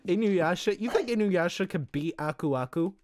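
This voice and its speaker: A man's voice: high-pitched, expressive, moderate pace, darkish tone, dry recording. A man playing a fighting game with a friend, teasing him and laughing often. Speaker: gaming co-host. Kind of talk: casual gameplay banter.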